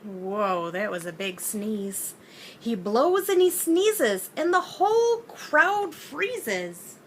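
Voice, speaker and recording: A woman teacher reading a children's picture book aloud in an expressive, sing-song way, asking her young listeners questions. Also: on the high side, extremely slow, a little hiss or hum.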